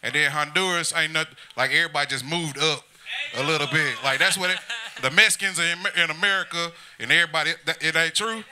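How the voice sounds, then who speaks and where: Brief loose, profane club host. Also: male voice, a little high, fast talker. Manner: loose, profane, hyping the crowd. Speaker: comedy show host. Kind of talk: hosting a live roast show. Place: comedy club stage.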